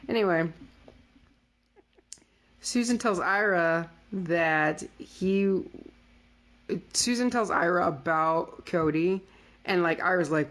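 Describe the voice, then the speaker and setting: A woman's voice: lowish voice, slow pace, pauses often, a bit bright. A woman co-hosting a podcast, chatting casually with lots of fillers and playfully quoting characters. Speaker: podcast co-host. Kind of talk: casual recap chat.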